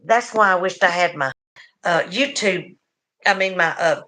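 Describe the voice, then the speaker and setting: A middle-aged woman with a Southern US accent hosting a casual livestream, chatting warmly with viewers and laughing often. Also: on the low side, measured pace. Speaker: livestream host.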